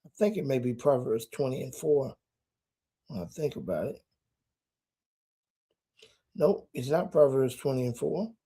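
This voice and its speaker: A man's voice: medium pitch, big pitch swings, measured pace, pauses often, dark tone, husky. A man preaching live from a hotel room, stretching key words for emphasis and dropping folksy asides. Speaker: preacher and podcast host. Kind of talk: live-streamed sermon. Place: hotel room while traveling.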